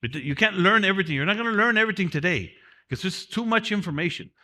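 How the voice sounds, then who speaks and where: Talking fast in a high, expressive voice that's bright and forceful, a man gives a motivational seminar to his class. As their mentoring teacher, he drills key phrases with emphasis and draws on his personal experience of prison.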